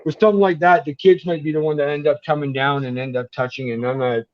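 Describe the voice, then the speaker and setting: A man chatting casually on a video call, telling animated stories and swearing casually. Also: on the high side, fast, a little hiss or hum. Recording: muffled lo-fi call audio.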